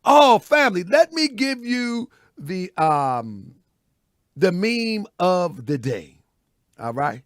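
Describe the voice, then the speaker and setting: A man with a fairly high voice hosts a live online commentary show. He preaches to his audience, repeats his phrases and keeps checking in with "you know what I mean?" The sound is dry and close, with little room in it. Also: big pitch swings, slow, no room sound. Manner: addresses viewers as family. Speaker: host.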